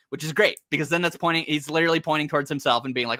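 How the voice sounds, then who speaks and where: Fast, animated young man, bright voice. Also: fairly high pitch, no room sound, clean studio sound. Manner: fast, animated, swears freely, laughs often. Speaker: podcast host. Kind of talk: casual comic discussion podcast.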